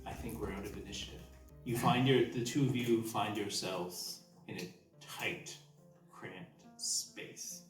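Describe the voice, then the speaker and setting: A man running a tabletop game as game master, giving relaxed, descriptive narration. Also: fairly low pitch, measured pace. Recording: roomy, distant mic, faint music.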